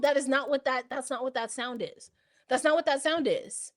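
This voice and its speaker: A woman with a New York accent co-hosting a podcast, chatting in a playful, slangy, animated way. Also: sits high, fairly quick. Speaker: podcast co-host. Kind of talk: casual chat.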